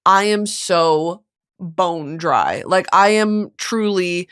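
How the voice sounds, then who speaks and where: A woman's voice: lowish voice, drawn-out words, a bit bright, clear, resonant tone. Burnt-out woman podcast host, near tears. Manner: earnest, emotional, swears, many "like" fillers. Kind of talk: candid solo podcast monologue.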